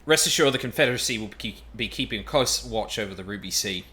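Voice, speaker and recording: A man's voice: lowish voice, lively intonation, quick pace, sharp tone, voice pushed up. A man voicing a formal male naval officer in a game, in a stiff, report-like manner.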